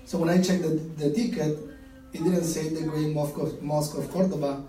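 A man's voice: on the high side, fairly even intonation, fairly quick, dark tone, faint music behind. A man in the audience tells a story with a hesitant manner, restarting his sentences often. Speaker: audience member. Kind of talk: question from the audience. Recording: echoey room, mic far off.

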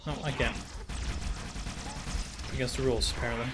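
A man giving let's play commentary on a shooter game, frustrated and swearing, shouting at enemies. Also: mid-range voice, fairly even intonation, moderate pace, noisy background. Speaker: gaming YouTuber.

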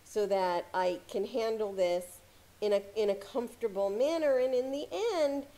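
A woman giving casual motivational advice to camera as a success coach, talking calmly with frequent "you know" fillers. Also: mid-range voice, normal speed. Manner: calm, conversational, many "you know" fillers.

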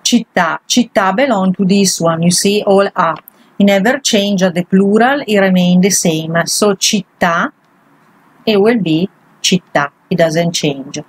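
A woman's voice: medium pitch, unhurried, husky, rough recording. A woman, a language teacher, patiently walking through grammar exercises one example at a time. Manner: patient, walks through each example step by step.

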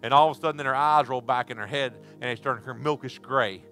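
Male preacher, folksy storyteller given to shouts, bright forceful voice. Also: mid-range voice, fast talker, soft background music. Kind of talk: sermon. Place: church service.

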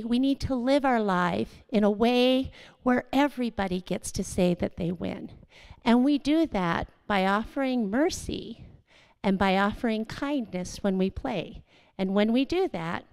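A woman's voice: fairly high pitch, animated, unhurried, gravelly, a little mellow, smooth, poor audio. A woman giving an earnest, conversational lesson in a church service. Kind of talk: storytelling sermon lesson.

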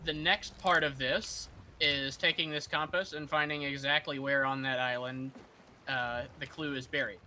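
A man in casual game chat, patiently explaining and giving calm commands to a teammate. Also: mid-range voice, moderate pace, slight background noise. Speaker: experienced teammate guiding a new player.

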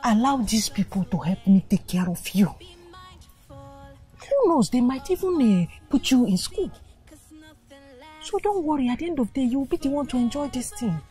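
A woman's voice: high voice, big pitch swings, moderate pace, long pauses, mellow, slightly rough, faint music behind, exaggerated voice. A Nigerian actress playing a poor mother who firmly coaxes her crying daughter to go away. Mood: coaxing. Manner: coaxing yet firm, persuasive.

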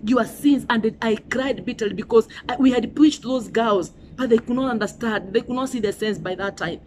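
A woman's voice: on the high side, moderate pace, a little mellow, a little hiss or hum. A middle-aged woman with a Kenyan accent preaching a sermon, emphatic and repetitive, often saying "you know" and "Hallelujah".

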